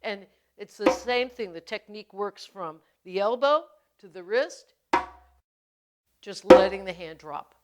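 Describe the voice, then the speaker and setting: Female hand drum instructor: unhurried, gentle, patient explainer, medium pitch, step-by-step teaching. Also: expressive, over loud music. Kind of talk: instructional video demonstration.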